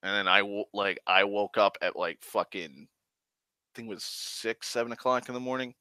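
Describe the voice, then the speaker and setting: Young guy rambling thru a story, cussing a lot, bright edge, pretty low voice, dry close sound. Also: moderate pace, clean tone, no room sound. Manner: rambling, profane, often backtracks and corrects himself. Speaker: host. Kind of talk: casual storytelling monologue.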